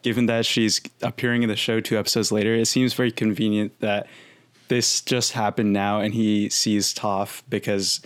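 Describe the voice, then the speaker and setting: A man with a lowish voice talks through an episode recap in a relaxed, conversational podcast chat. The sound is dry and close to the mic, with no room around it. He speaks loosely, with casual fillers. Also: moderate pace, clean tone, no room sound. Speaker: podcast co-host.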